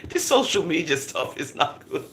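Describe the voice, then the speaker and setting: A woman giving lively, laughing commentary to viewers, slipping into patois as she goes. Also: deep voice, normal speed, a little hiss or hum. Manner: animated, laughing, patois-flavored gossip talk. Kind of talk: casual live commentary.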